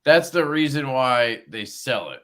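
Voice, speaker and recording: A man's voice: medium pitch, big pitch swings, a little slow, a bit bright. A man hosting a livestream in casual chat, rambling and jokey, with some swearing. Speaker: livestream host.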